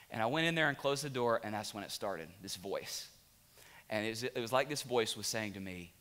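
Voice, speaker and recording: A man preaching a sermon as pastor, animated and joking at times, then quiet and confessional. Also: lowish voice, a little fast. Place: large church auditorium. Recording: long reverb of a big hall.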